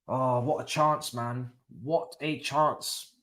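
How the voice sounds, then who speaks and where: Excitable young streamer. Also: male voice, medium pitch, slow. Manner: excitable, slangy, chatting with live chat. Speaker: watchalong streamer. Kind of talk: live football watchalong commentary.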